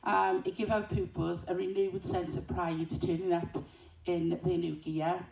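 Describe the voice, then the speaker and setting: A woman's voice: lowish voice, little pitch movement, measured pace, creaky, a little mellow. A woman thanking a fund on behalf of a school, hesitant and correcting herself. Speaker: school representative. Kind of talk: short speech at a community event. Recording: echoey hall from far off, faint noise.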